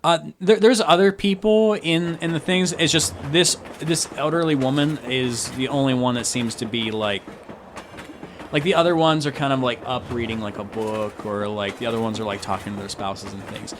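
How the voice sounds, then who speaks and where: A man's voice: mid-range voice, steady tone, moderate pace, noisy background. A young man narrating a tabletop game as game master, describing scenes in a rambling way full of fillers.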